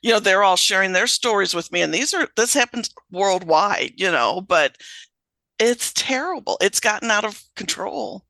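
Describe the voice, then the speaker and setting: A middle-aged woman hosting a casual interview, encouraging and quick with short affirmations. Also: mid-range voice, lively intonation, sharp tone, no room sound. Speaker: podcast host.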